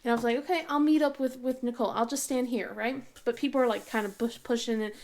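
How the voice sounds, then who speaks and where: A chatty woman in her thirties with a slightly high voice, hosting her craft channel. She rambles through a casual story, full of fillers and restarts, breaking into laughs often. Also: fairly even intonation, quick pace, a little mellow, a little hiss or hum. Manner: laughs often while telling.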